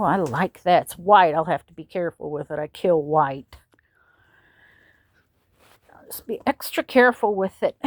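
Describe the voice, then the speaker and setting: A woman's voice: mid-range voice, dry recording. A woman, chatting casually as she opens fan mail at home and cooing at her pets. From Missouri. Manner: chatty, coos at her pets in a lively sing-song. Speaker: vlogger opening fan mail. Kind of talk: casual unboxing chat.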